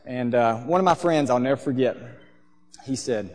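A man, preaching a sermon from a church stage and telling a lively story. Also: medium pitch, moderate pace. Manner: storytelling, animated, acts out voices. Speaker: pastor. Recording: long hall reverb.

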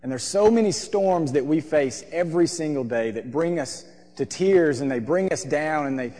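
A man, preaching a sermon from a church stage and telling a lively story. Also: on the high side, normal speed. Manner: storytelling, animated, acts out voices. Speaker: pastor. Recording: long hall reverb.

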